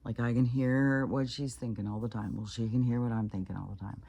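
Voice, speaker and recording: A woman's voice: extremely low pitch, fairly even intonation, brisk, gravelly, warm tone, breathy edge, dull audio. A woman vlogger talking in a casual, rambling monologue, full of fillers and the odd swear word. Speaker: spiritual vlogger.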